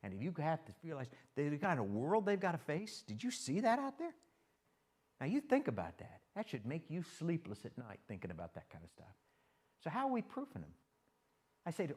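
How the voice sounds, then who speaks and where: A fairly high, husky voice belongs to an older pastor who speaks briskly. His sermon is casual and story-driven, and he acts out exchanges from his own life in a folksy, animated style, quoting the people in his tales.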